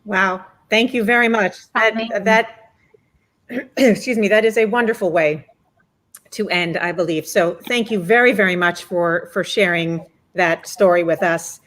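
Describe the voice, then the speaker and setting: A woman moderating a live online panel, thanking a speaker and giving announcements with a few halting restarts. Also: medium pitch, a bit bright.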